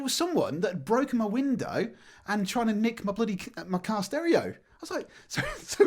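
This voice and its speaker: A man, co-hosting a podcast, telling a story in casual chat with laughter and acted-out shouting. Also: high voice, quick pace. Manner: animated, laughs while telling, acts out shouting. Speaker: podcast co-host.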